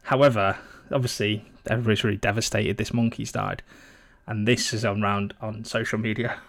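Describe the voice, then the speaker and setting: A man's voice: on the low side, flat delivery, a little fast, fairly bright tone. A man co-hosting a casual podcast from a home mic. He rambles and swears freely, laughing along the way. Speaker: podcast co-host. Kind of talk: casual chat.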